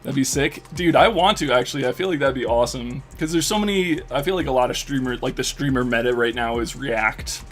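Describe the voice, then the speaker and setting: A man streaming live and chatting casually while he plays a game, rambling excitedly with lots of swearing and fillers. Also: medium pitch, a little fast, few pauses, faint music behind.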